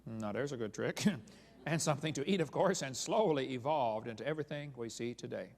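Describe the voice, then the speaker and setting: A man's voice: medium pitch, fairly quick, darkish tone, long reverb tail. A man giving a humorous seminar talk as a creationist speaker, sarcastic and chuckling at his own jokes.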